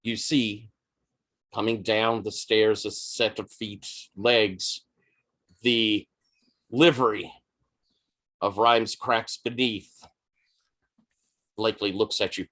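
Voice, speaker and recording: A man's voice: on the low side, fairly even intonation, takes it slowly, pauses often, a bit bright. A man running a tabletop role-playing game, describing scenes and asking players what they do. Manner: descriptive, conversational narration. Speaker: game master.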